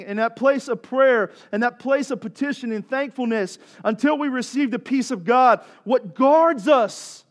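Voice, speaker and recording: A man preaching a sermon as a pastor, impassioned and repeating phrases for emphasis. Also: very high voice.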